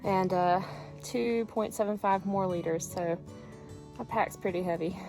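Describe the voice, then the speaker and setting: Woman, casual hiking vlog, chatty, lots of fillers, mid pitch, music underneath. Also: unhurried, low-quality recording. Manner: chatty, filler-heavy, upbeat. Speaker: thru-hiker vlogger. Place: outdoors on a hiking trail.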